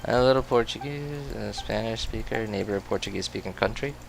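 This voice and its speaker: A man's voice: on the low side, brisk, gravelly, background noise. Chatty Filipino man streaming a game. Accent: American. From Philippines. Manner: chatty, reacts aloud and answers chat. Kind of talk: gameplay livestream commentary.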